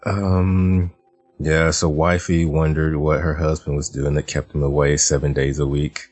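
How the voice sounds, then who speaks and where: A man's voice: a bass voice, little pitch movement, measured pace, darkish tone. A man hosting a casual podcast, recapping an episode and laughing often. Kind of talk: casual chat.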